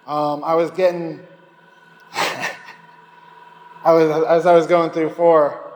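A man's voice: a little high, little pitch movement, slow pace, roomy sound, in a large hall, slight background noise, rough recording. A man speaking at a recovery meeting, giving a candid personal testimony and rambling between thoughts. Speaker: recovering alcoholic sharing at a meeting.

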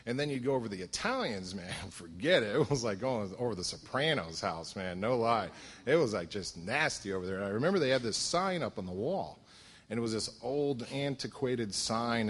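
A middle-aged man from southern Connecticut telling his story at a support meeting, self-deprecating and humorous, with many fillers. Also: mid-range voice. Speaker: recovery meeting speaker. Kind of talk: personal testimony at a support meeting.

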